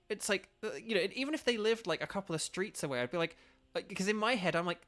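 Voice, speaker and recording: A man's voice: a little high, lively intonation, fairly quick, fairly bright tone. A young man chatting casually with his stream viewers while playing a game, rambling with lots of fillers. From United Kingdom. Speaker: gaming streamer.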